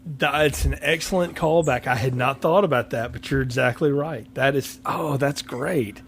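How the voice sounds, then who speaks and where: A man's voice: medium pitch, moderate pace, slight background noise. An American man co-hosting a casual movie podcast, joking animatedly and acting out quotes. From United States. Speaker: podcast co-host. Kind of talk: casual movie-review chat.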